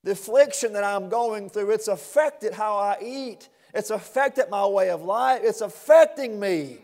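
A man preaching an impassioned sermon to a responding congregation, repeating words in rhythmic bursts that build to shouts. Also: sits high, unhurried. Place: church sanctuary with long reverb. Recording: reverberant church hall.

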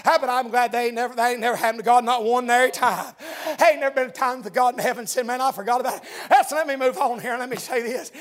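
Revival preacher, male, very high voice, shouts and drawls. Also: fast talker. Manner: shouting, drawling, dialectal grammar, constant amens. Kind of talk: fiery revival sermon.

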